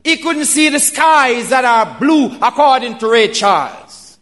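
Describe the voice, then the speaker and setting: A man preaching a sermon, slow and emphatic, building to loud calls. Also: very high voice, expressive. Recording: reverberant hall.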